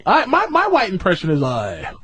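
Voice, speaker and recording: Brief: male comic guest, high and animated, jokey interjections. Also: normal speed, a loud crowd. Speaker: comedian guest. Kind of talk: casual radio talk.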